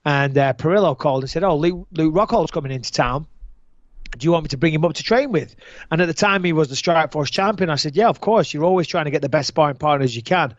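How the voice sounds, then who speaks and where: A man hosting a podcast, telling stories in an animated, joking way and swearing freely. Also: fairly high pitch, fast, no echo, highs cut off. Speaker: podcast host. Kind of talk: casual podcast chat.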